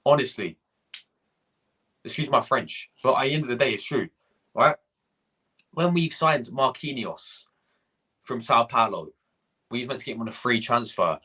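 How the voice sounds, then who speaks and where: A man's voice: medium pitch, animated, fairly quick, pauses often, bright, forceful tone, husky. A young man hosting a fan live stream, ranting, swearing and repeating himself while greeting viewers from the chat. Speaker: fan channel host.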